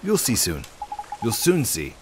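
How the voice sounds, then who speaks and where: A man's voice: mid-range voice, huge pitch swings, unhurried, noisy background. A man voicing Drippy, a folksy fairy sidekick. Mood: curious. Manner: folksy, drawling, sprinkled with "man" and "Ollie boy". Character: chatty male fairy sidekick, folksy and friendly.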